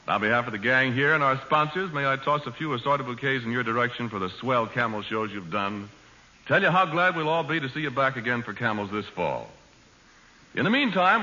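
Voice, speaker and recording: A man's voice: on the high side, sharp tone. A man announcing in an upbeat, promotional style on an old radio show. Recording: muffled old radio broadcast.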